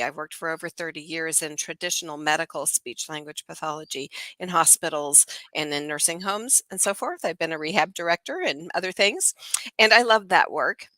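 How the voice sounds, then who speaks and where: A woman in her sixties, a speech pathologist, telling stories as a guest in an interview in an upbeat, warm way. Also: fairly low pitch, no echo, poor audio. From United States. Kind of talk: podcast interview.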